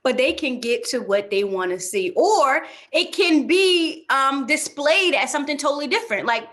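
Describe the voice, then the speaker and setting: A woman's voice: high voice, expressive, normal speed, a bit bright. A woman co-hosting a podcast in casual chat, speaking earnestly and thinking aloud as she goes. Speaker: podcast co-host.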